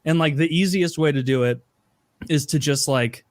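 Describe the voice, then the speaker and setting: A man's voice: a little high, moderate pace, no echo. A man co-hosting a podcast, chatting casually in a rambling way full of fillers. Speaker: podcast co-host. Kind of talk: casual chat.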